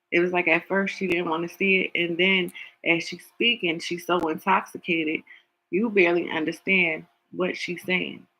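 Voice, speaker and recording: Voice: mid-range voice, pushed and bright, a little hiss or hum, rough recording. A tarot reader giving an opinionated commentary, talking emphatically, repeating words for stress and asking pointed rhetorical questions.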